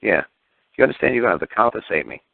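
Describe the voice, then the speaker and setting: Gruff man ranting over a phone line. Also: lowish voice, sing-song, rapid-fire, dry recording. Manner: blunt, profane and combative, acts out courtroom exchanges. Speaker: talk show host. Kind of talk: ranting radio call-in talk. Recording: tinny phone-line audio.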